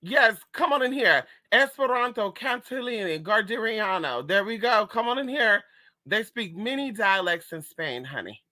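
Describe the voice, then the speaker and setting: A man hosting a casual livestream, reading chat, sassy and animated, calling viewers honey and girl. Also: high voice, moderate pace.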